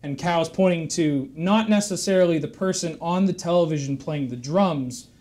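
A man with a slightly high voice spins a rambling shaggy-dog joke on a live stream. He wanders off-track, corrects himself, and slips in deadpan asides as he goes. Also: normal speed. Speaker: stream performer.

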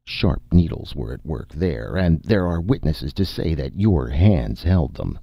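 A man's voice: rumbling low, animated, measured pace, gravelly, slightly rough, no room sound, heavily acted. A man voicing a cold, stern male tribal judge delivering solemn pronouncements in an audiobook. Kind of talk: audiobook character voice. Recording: dull, dry audiobook recording.

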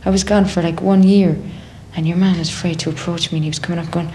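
A young Irish woman who sings in a band speaks fast in a low voice during a casual interview, with slight background noise. Chatty and animated, she talks freely and acts out other people's voices when quoting them in her stories.

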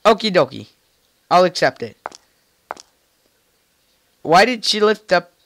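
A let's play gamer speaks in a high-pitched, slightly bright voice with big pitch swings, moving at a slow pace. He jokes and rambles to himself in a playful, casual way, with game music playing behind him.

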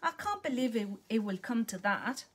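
A woman reading a gentle old lady. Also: on the high side, animated, normal speed, slightly rough. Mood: earnest. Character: gentle elderly woman, mild, hopeful, sad.

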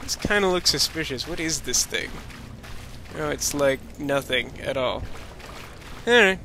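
A man's voice: fairly high pitch, expressive, unhurried, background noise. A man giving rambling, jokey commentary while playing a video game, full of sarcastic asides. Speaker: let's-play commentator. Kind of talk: casual gameplay commentary.

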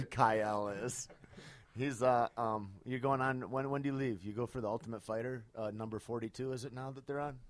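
A man's voice: mid-range voice, steady tone, moderate pace. A man hosting a podcast in casual chat, laid-back and swearing freely. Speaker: podcast host.

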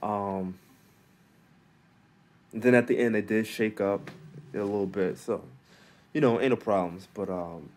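A man hosting a casual solo recap, talking in loose slang with lots of restarts, fillers and quiet asides. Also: on the low side, unhurried, pauses often. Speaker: battle rap recap host.

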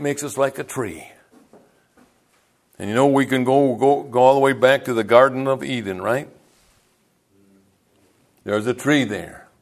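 Older folksy preacher man. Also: mid-range voice. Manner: folksy storytelling preacher, calls out to the congregation. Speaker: pastor. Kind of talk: sermon.

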